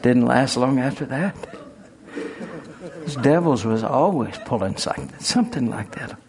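Folksy preacher with a gravelly voice. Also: male voice, medium pitch, lively intonation, moderate pace, a crowd in the background. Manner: folksy, humorous, laughs at his own stories. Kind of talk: sermon with storytelling.

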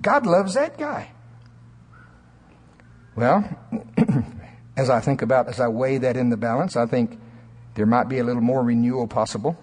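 A man preaching a sermon in church, telling stories in an animated way and often laughing. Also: medium pitch, unhurried, pauses often, breathy edge. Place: church sanctuary.

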